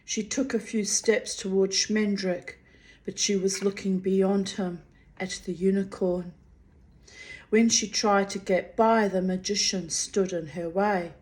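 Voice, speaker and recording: A woman reading a fantasy novel aloud in a slow, measured, gentle voice. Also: mid-range voice, steady tone. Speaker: reader. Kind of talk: audiobook narration.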